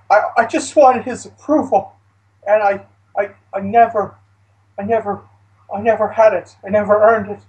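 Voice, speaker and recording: A man's voice: sits high, darkish tone, muffled recording, pitched above the performer's own voice. A man voicing an anguished young nobleman heir who stammers and pleads.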